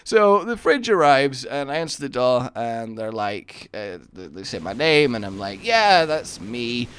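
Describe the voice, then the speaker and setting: A man in his twenties, chatting over gameplay and telling a funny story with excitable outbursts. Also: mid-range voice, normal speed, clean tone, no room sound. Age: 20s. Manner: excitable anecdote-telling, bursts into loud exclamations. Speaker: gaming YouTuber.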